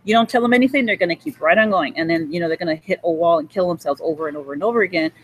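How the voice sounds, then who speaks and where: A woman in a cafe giving a rambling, profane monologue that jumps between topics and breaks into high bursts of laughter. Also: racing, poor audio.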